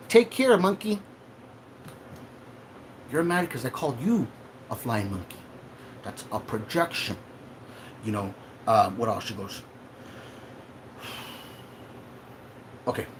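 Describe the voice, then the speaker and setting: A man's voice: fairly high pitch, background noise. A man hosting a livestream, talking in an emotional, profane and confrontational way. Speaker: livestream host. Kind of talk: heated livestream rant.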